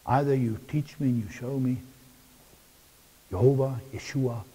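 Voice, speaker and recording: A man preaching a sermon, emphatic and halting, with long pauses between phrases. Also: medium pitch, steady tone, mellow, slightly rough. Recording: long hall reverb.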